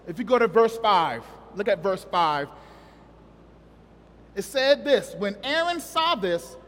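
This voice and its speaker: A man's voice: extremely high pitch, big-room sound. A man preaching a sermon in a conversational, joking way, asking the congregation questions.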